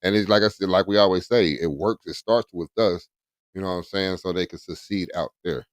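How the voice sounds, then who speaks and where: A man's voice: low-pitched, fairly even intonation, fairly quick, clean tone, dry recording, clean studio sound. A man chatting casually as a podcast co-host, laid-back and repeating "you know what I'm saying". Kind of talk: casual chat.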